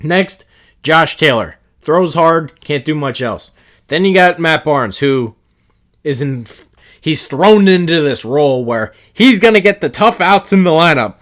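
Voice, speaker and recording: A man's voice: a little high, animated, measured pace, fairly bright tone. A man hosting a solo podcast, ranting bluntly and with profanity in an exasperated, offhand way. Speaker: podcast host.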